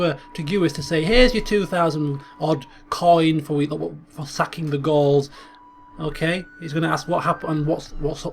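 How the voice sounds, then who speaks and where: A man's voice: fairly high pitch, a little hiss or hum. A man hosting a strategy game video, thinking aloud in a chatty way with stumbles and small chuckles. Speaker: gaming channel host. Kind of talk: strategy game commentary with role-play asides.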